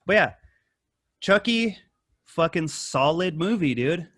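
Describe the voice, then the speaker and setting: A man hosting a casual podcast, rambling and swearing a lot, with animated retellings of stories. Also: a little high, takes it slowly, no echo, studio quality. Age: adult with wife and kid. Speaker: podcast host. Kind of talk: casual profane chat.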